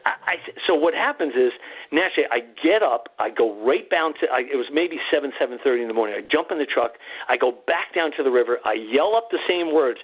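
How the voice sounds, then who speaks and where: A man loudly telling a personal story as a guest on a call-in radio show, repeating himself for emphasis. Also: medium pitch, expressive, quick pace, slightly rough. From lives in Arizona. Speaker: guest researcher. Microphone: phone line. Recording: dull lo-fi phone line.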